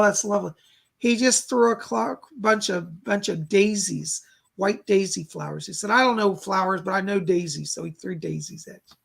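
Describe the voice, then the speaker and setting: A man with a deeply gravelly, husky voice hosts a live psychic reading stream. He talks his listeners through a calm visualization. He passes on messages from the other side in a chatty way, full of "he said" and "she said.". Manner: relays spirit messages with constant "he said" asides. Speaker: psychic medium.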